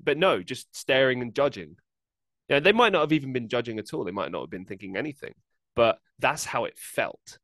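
Brief: male podcast host, casual animated rant, medium pitch, dead-dry room. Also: brisk, no room sound. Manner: animated, swearing and laughing while venting.

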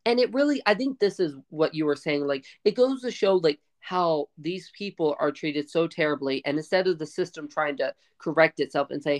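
Low-pitched woman, podcast co-host, casual opinionated chat. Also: normal speed, few pauses. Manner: chatty, opinionated asides. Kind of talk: casual movie review chat.

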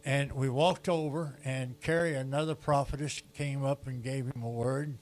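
A man's voice: mid-range voice, steady tone, moderate pace. A man, a guest speaker telling his testimony in a sermon and acting out the dialogue as he goes. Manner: storytelling with quoted dialogue.

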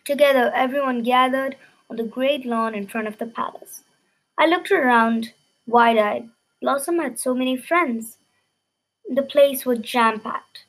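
High-pitched woman reading a children's story in lively first person; light stumbles, read-aloud tone. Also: unhurried, rough recording.

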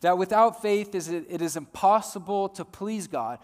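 A male preacher giving a sermon, swinging between loud emphasis and soft hushed lines, often repeating words as he builds a point. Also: high voice, normal speed. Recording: long hall reverb.

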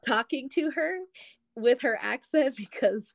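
A woman's voice: high voice, measured pace, creaky, slight background noise. A woman guest on a podcast telling stories in casual chat, cursing freely and laughing often.

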